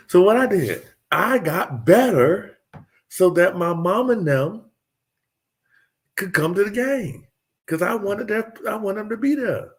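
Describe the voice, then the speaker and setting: A man's voice: sits high, vocal fry. A man, talking casually to his online audience, joking and laughing often. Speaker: host.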